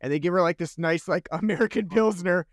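Speaking briskly in a high-pitched voice, a podcast co-host offers casual, sarcastic commentary on a holiday movie. He restarts his phrases often, and the clean studio recording has no echo.

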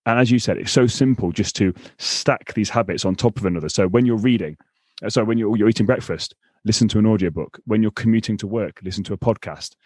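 A man's voice: on the low side, fast talker, darkish tone, husky, dry recording. A British man hosting a podcast interview, casual and chatty, with frequent restarts and sarcastic asides. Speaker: podcast host and coach.

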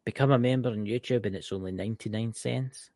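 A Scottish man co-hosts a podcast, talking fast in a lowish voice against a noisy background. The casual chat rambles, full of jokes, swearing, and banter.

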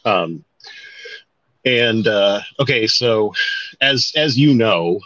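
A man's voice: lowish voice, expressive, extremely slow, a bit bright, no room sound. A man co-hosting a podcast in casual chat, rambling and correcting himself as he goes, with some mild swearing. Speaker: podcast co-host. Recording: dull, dry home-mic sound.

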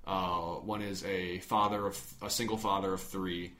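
A man's voice: deep voice, flat delivery, a little slow, pushed and bright, slight background noise. A young man co-hosting a podcast, chatting casually and rambling with frequent restarts. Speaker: podcast co-host. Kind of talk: casual chat.

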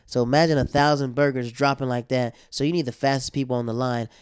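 Young man, slangy and animated storyteller, mid pitch, dry close sound. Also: quick pace, smooth, dry recording. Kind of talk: casual chat.

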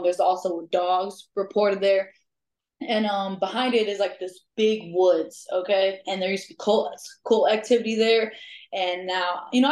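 A woman guest telling ghost-hunting stories in casual chat, lively, laughing often and filling pauses with "um". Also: mid-range voice. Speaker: guest, amateur ghost hunter. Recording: echoey room.

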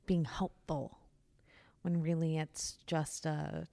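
A woman's voice: low-pitched, flat delivery, takes it slowly, gravelly, warm tone, no room sound. A woman talking frankly in a candid conversation, swearing freely and acting out what other people say. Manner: frank, swears freely, acts out quoted voices.

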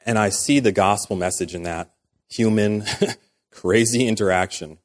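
A man in his thirties delivers a sermon in a relaxed, conversational manner. His voice sits low, and he often breaks into quoted back-and-forth dialogue. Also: moderate pace. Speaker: pastor.

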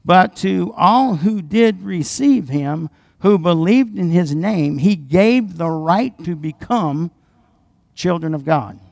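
Gravelly-voiced preacher, quiet asides to loud scripture. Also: male voice, high voice, lively intonation, slow pace, dry recording. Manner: calls for congregation responses. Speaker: pastor. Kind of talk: sermon.

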